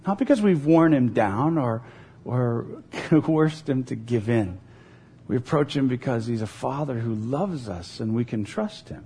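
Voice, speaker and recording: A man's voice: fairly high pitch, animated, a little slow, darkish tone, husky. A middle-aged man pastor preaching a sermon in an earnest, conversational way, telling personal stories.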